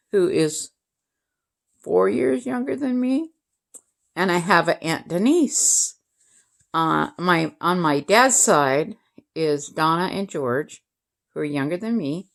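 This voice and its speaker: A woman's voice: fairly low pitch, vocal fry, a bit bright. A woman in her sixties, a vlogger, chatting casually and telling family stories, laughing often as she goes. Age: 60s. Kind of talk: casual storytelling to camera.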